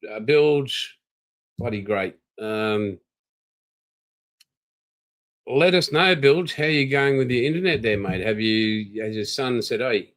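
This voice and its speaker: A man's voice: medium pitch, slow pace, long pauses, a bit bright, poor audio. An older Australian man, tired, hosting a live stream and rambling casually while greeting viewers. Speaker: livestream host.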